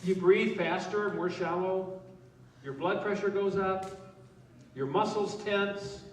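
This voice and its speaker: Speaking slowly in a high, steady voice, a male pastor jokes with his live congregation and poses questions during a conversational sermon. The church hall recording is echoey, capturing him from a distance.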